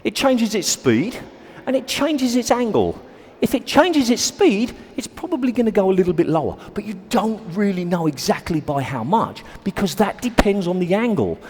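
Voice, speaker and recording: A man's voice: high-pitched, big pitch swings, normal speed, a little mellow, long reverb tail, slight background noise. A man coaching squash on court, explaining and demonstrating shots in a chatty, self-deprecating way. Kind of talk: on-court instructional video.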